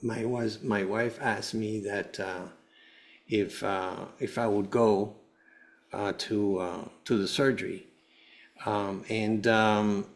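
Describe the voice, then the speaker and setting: A man's voice: on the low side, fairly even intonation, slow. A man, a guest on a show, giving an earnest personal testimony in a meandering way, often restarting his sentences. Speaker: guest, cancer survivor. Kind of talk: personal testimony told to a host.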